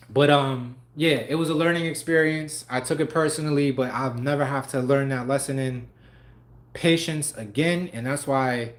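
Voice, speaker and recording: Animated, profane young man streaming live. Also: a little high. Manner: animated, profane, laughs often. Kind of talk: casual livestream talk.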